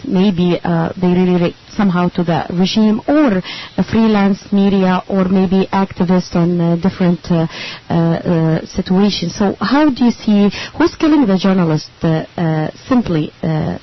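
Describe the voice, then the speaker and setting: Woman radio co-host, halting English, lots of uh, muffled radio sound. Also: fairly low pitch. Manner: halting, heavy fillers. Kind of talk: radio interview. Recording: dull, muffled radio audio.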